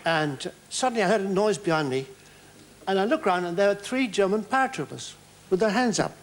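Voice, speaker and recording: A man's voice: high-pitched, animated, a little fast. Older man telling rambling comic war stories. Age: 70s. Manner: rambling, playful, stammering restarts and comic voices. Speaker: comedian guest. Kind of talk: anecdotal talk-show storytelling. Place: television studio with live audience. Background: audience laughter.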